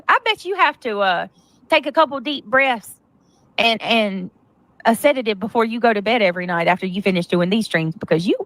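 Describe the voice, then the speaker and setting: A woman's voice: mid-range voice, animated, brisk, fairly bright tone, no room sound. A woman with a Southern US accent, ranting on her livestream in a mocking, scornful tone. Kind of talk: casual stream rant.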